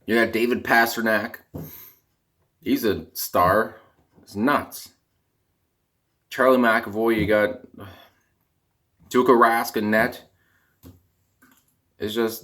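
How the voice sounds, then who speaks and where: This young Canadian man, a vlogger who follows hockey, rambles to camera in a casual, dejected, exasperated rant. His medium-pitched, slightly bright voice cracks at moments.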